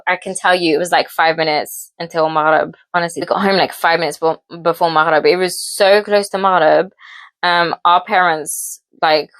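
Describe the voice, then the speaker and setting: A woman's voice: on the low side, a bit bright, no echo. A young woman vlogger chatting casually as she cooks, giggly and full of fillers. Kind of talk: casual storytelling while cooking. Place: home kitchen.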